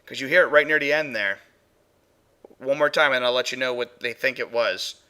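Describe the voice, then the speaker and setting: A man's voice: medium pitch, a little fast, pushed and bright, a little hiss or hum. A man hosting a live paranormal stream, chatting casually as he plays and reviews audio clips with his chatroom. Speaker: paranormal show host.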